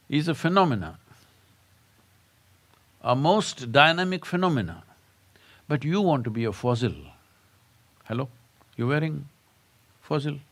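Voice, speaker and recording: A man giving a satsang talk as a spiritual teacher, telling stories and prodding his listeners with rhetorical questions. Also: medium pitch. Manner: storytelling with jokes.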